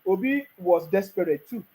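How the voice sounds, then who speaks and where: High-voiced Nigerian man, mocking rant. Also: expressive, measured pace, warm tone, low-quality recording. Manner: mocking, laughs often, scolding the listener. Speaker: political commentator. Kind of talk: ranting monologue.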